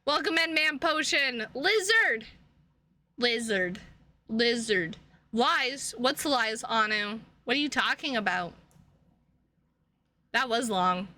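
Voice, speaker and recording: A woman's voice: a little high, sharp tone. A woman streaming a visual novel game, chatting casually in a goofy, rambling way with plenty of jokes. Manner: goofy, rambling, jokey, lots of laughing. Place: home room.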